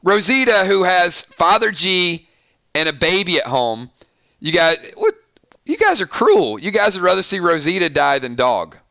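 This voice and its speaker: Excitable male stream host, slightly high voice, dry close sound, chats straight to viewers. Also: moderate pace, gravelly, dry recording. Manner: excitable, laughs often, talks to viewers directly. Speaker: host of a TV review channel. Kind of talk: live-stream chat reading viewer comments.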